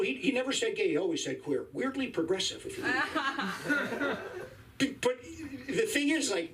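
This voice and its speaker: A man's voice: sits high, far from the mic, a little hiss or hum. Profane stand-up comic in his fifties. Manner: crude, profane, wry storytelling. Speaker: stand-up comedian. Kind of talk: stand-up comedy set. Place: comedy club stage, live.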